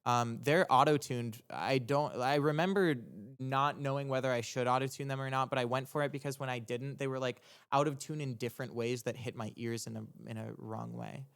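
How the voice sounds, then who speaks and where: A rambling young man with a smooth voice. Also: mid-range voice, fairly even intonation, a bit bright. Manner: rambling and halting, full of ums and restarts, casual swearing. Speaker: music producer streaming a track breakdown. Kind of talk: casual explanatory livestream talk.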